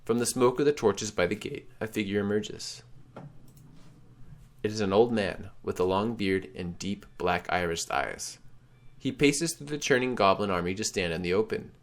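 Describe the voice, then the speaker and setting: Low voiced guy reading a text adventure out loud, dramatic, yells his picks. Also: moderate pace. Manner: dramatic, shouts choices out loud. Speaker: game streamer.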